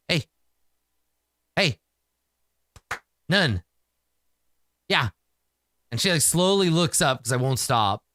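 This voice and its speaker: A man's voice: on the low side, fairly bright tone, clean tone, no room sound, studio quality. A man narrating a solo tabletop game in a casual, profane, exasperated ramble.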